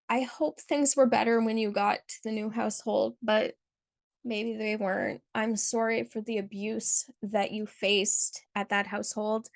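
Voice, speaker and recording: A woman host reads a viewer's story aloud and then answers it in an earnest, heartfelt way, with casual fillers scattered through her talk. Her voice sits at an ordinary middle pitch for a woman. The sound is dry and close, with no room echo. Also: vocal fry. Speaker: channel host.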